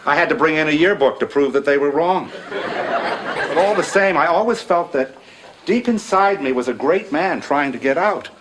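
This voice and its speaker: A man's voice: a little high, expressive, normal speed, a bit bright, a little hiss or hum, rough recording. An actor playing a man who tells a dry, self-mocking story about being overlooked, in a sitcom. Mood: wry. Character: self-deprecating man turned politician. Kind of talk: sitcom acting.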